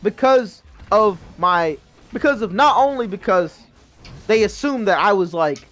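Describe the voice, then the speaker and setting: Very high-voiced young man telling a story. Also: measured pace. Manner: animated, laughs often, swears freely, acts out quotes. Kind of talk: casual storytelling over game voice chat.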